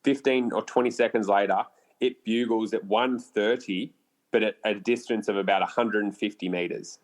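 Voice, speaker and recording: An Australian man, a guest on a podcast, tells a bowhunting story in a lively, casual manner, swearing freely and leaning on lots of fillers. His voice sits on the low side and he speaks at a moderate pace.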